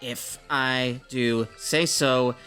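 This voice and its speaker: A slightly hoarse young man from Minnesota, casually commenting on a game he plays and reading its dialogue aloud in playful voices. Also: mid-range voice, steady tone, extremely slow, sharp tone, faint music behind. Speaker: let's-play host.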